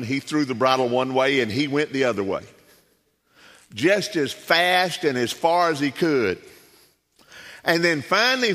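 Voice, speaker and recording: Folksy preacher in a church. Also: male voice, mid-range voice, fairly bright tone, long reverb tail. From South Carolina. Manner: folksy, conversational, frequent "uh" fillers. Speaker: guest preacher. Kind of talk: sermon with folksy storytelling. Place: church sanctuary.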